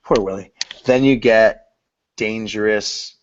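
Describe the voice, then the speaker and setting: A man's voice: on the low side, takes it slowly, slight background noise. A man co-hosting a podcast, chatting casually and jokily about films, slipping into mock voices to quote scenes. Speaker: podcast co-host. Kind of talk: casual film discussion chat. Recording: dull lo-fi podcast audio.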